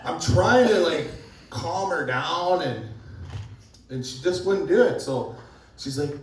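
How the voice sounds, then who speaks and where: A man's voice: fairly high pitch, expressive, slow. A man doing a crude, rambling stand-up set, often laughing at his own jokes. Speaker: stand-up comedian. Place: comedy club stage. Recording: echoey club from far off, audience noise.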